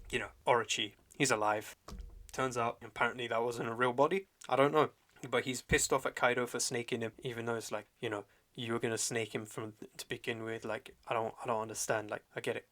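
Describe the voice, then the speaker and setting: A young man at a medium pitch talks through a story in casual podcast chat. He is slangy and animated, and full of fillers and quick restarts. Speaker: podcast host reviewing a manga chapter.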